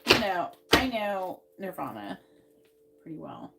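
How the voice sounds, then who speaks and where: A woman's voice: lowish voice, sing-song, measured pace, creaky, heavy background noise. A woman psychic giving tarot readings on a live stream, speaking in short, emphatic statements. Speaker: psychic reader.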